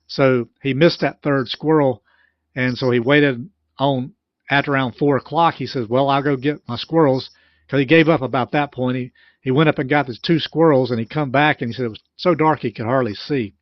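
A man's voice: medium pitch, steady tone, moderate pace, dry recording, lo-fi sound. A man who explains and retells a preacher's story in plain talk, with frequent restarts. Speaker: commentator on a recorded sermon. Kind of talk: explanatory commentary.

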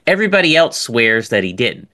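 A man co-hosting a podcast, talking in an animated, emphatic way and repeating words as he builds a point. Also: mid-range voice, brisk. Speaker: podcast co-host. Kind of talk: casual podcast discussion.

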